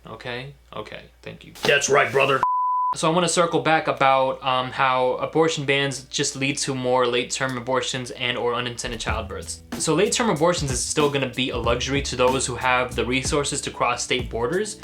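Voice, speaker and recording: A man's voice: mid-range voice, moderate pace, few pauses, fairly bright tone, faint music behind. A young man giving an impassioned, indignant and sarcastic commentary vlog, talking straight to his viewers. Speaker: political commentary vlogger.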